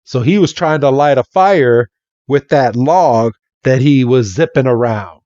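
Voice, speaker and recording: Slow, lively-voiced podcast host. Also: male voice, medium pitch, no room sound, lo-fi sound. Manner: chatty, laughing storyteller. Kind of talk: casual recap of a comic.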